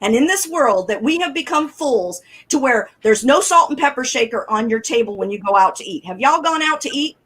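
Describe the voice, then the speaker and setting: Animated woman telling stories. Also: fairly high pitch, brisk, hardly any pauses, breathy edge, rough recording. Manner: chatty storyteller, animated and laughing. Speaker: co-host. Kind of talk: casual talk show commentary.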